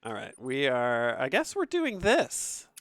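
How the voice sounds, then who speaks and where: A man streaming a hunting game from an upstairs room at home, excitable and foul-mouthed, quick to laugh. His voice is dry and close, with little room sound. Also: mid-range voice, dry recording. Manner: excitable, profane, laughs often. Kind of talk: casual gaming stream commentary.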